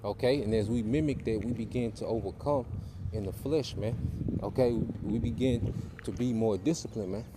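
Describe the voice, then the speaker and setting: A man's voice: lowish voice, normal speed. A man giving an informal sermon to a group of brothers, tagging his points with "man" and "okay?". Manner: casual preaching, tags lines with "man" and "okay". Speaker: teacher of a Bible study group. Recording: loud background noise.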